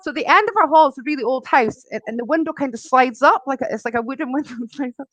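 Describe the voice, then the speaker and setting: A woman with a fairly high voice chats as a guest over a video call and tells a story with lively energy, often laughing and acting out the voices in it. Her voice sounds dry and close, with no room around it. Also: fast talker, no echo. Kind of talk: casual chat.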